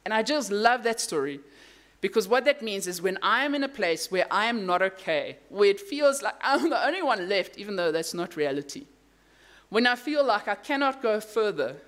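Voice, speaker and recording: A pastor gives a sermon in a mid-pitched voice. Big words jump up in pitch, and key lines drop to a hushed, quiet tone. Casual asides and self-corrections keep the sermon conversational. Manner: animated storytelling with emphatic rises and hushed drops.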